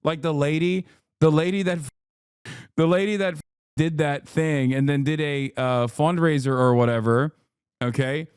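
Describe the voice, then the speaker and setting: A man giving casual livestream commentary on the news, excitable and profane, swinging into high, incredulous outbursts. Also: measured pace, clear, resonant tone, dry recording, studio quality. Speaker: streamer reacting to news.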